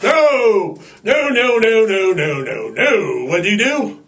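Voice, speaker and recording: A man's voice: sits high, sing-song, slow, a bit bright. A man hosting a podcast in a rambling, irreverent comic monologue, profane and stammering over fillers. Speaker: podcast host.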